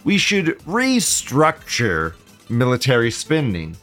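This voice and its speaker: American male show host, mid-pitched, foul-mouthed and sarcastic, over a faint music bed. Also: huge pitch swings, slow. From United States. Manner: crude, swearing, jokey, sarcastic; jumps between mumbling asides and loud outbursts. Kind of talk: casual commentary reading viewer comments.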